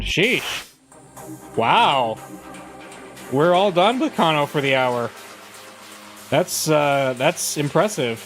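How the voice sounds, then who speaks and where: A man reading game text aloud in an expressive way, with casual asides as he plays. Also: a little high. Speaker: let's play host reading a visual novel. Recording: voice over game music.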